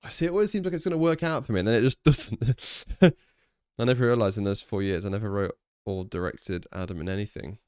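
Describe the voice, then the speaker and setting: A man's voice: fairly low pitch, quick pace, darkish tone, clean tone, dry recording, clean studio sound. A young English man streaming live, chatting casually with viewers, thinking aloud and swearing now and then. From England.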